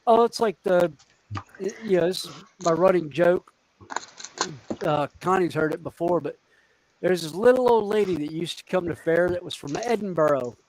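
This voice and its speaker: A man's voice: high voice, normal speed, a little hiss or hum, poor audio. A man telling stories in a casual chat and acting out the quotes as he goes. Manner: animated, acts out quotes in his stories.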